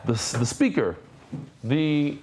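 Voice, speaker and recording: Male Talmud teacher, slightly high voice, very lively pitch, explains terms as he goes and jokes with the class. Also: slow pace, slight background noise. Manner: animated, repeats phrases, explains Hebrew and Aramaic terms in English; jokey asides to the class.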